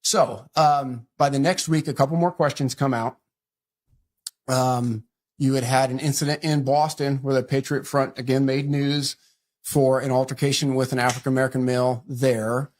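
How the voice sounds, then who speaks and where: A middle-aged man, a guest on an interview show, telling a story in a brisk conversational way and acting out the lines people said to him. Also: mid-range voice, fairly even intonation, a little mellow. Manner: fast retelling that acts out quoted dialogue.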